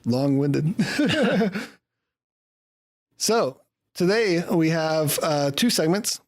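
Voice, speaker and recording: A man's voice: fairly high pitch, animated, very slow. A man co-hosting a casual podcast, rambling through his thoughts and chuckling often as he chats with friends. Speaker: podcast co-host. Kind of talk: casual chat about comics.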